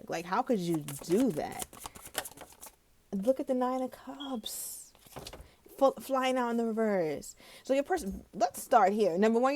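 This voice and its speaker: Female tarot reader, mid-pitched, dry close mic, animated and chatty. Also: no room sound. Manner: animated, chatty, laughs often, dramatic emphasis. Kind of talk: casual tarot reading monologue.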